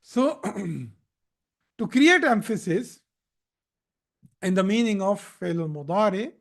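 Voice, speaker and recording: Slow, high-voiced man teaching grammar. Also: lively intonation. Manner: slow, repetitive explaining with frequent "Okay?" checks and self-corrections. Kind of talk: live recorded grammar lesson. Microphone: recorded in a live video session.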